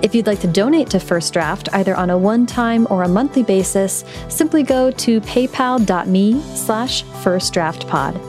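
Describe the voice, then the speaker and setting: A woman's voice: mid-range voice, normal speed, hardly any pauses, a little mellow, soft background music. A woman hosting a podcast about writing, reading the show's announcements and then interviewing her guest in a friendly, chatty way. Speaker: podcast host. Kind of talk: podcast intro read and interview.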